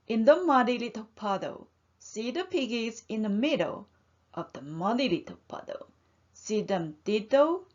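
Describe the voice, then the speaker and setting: A woman's voice: medium pitch, darkish tone, muffled recording. A woman reading a rhyming picture book aloud in a sing-song, lilting way. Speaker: storybook reader.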